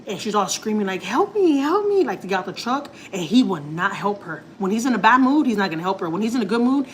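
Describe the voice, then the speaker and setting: On a low-quality recording with a little hiss or hum, a woman vlogger talks quickly in a mid-range voice. She's telling her viewers a family story casually, rambling and confiding with emotion and peppering it with "like" and "you know."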